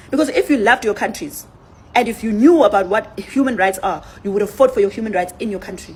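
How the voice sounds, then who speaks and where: Fast, forceful woman ranting. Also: medium pitch, slight background noise. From South Africa. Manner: forceful, accusatory, repeats points for emphasis. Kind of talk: impassioned rant to camera.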